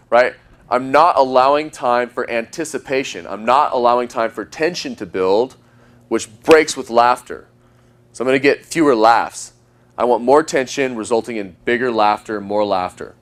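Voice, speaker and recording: A man giving dating advice as a coach, talking emphatically and using long pauses for effect. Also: medium pitch. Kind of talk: instructional talk.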